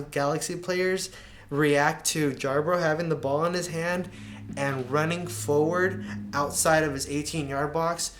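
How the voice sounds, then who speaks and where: A man with a slightly raised voice talks through soccer clips, pausing to point out mistakes. He sounds casual and exasperated, tossing in slang as he critiques the players. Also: fairly high pitch, a bit bright. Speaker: soccer analyst. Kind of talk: video breakdown commentary.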